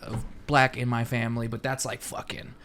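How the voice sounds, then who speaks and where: A man's voice: mid-range voice, flat delivery, moderate pace, fairly bright tone. A man co-hosting a podcast, talking loosely with many fillers and restarts. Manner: rambling, filler-heavy. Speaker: podcast co-host. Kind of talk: casual chat.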